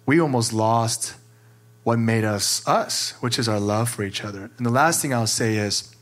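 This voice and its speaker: A man's voice: medium pitch, normal speed. A man who is a pastor, sharing candidly and with emotion, filling his talk with "like". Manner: earnest, emotional, many "like" fillers.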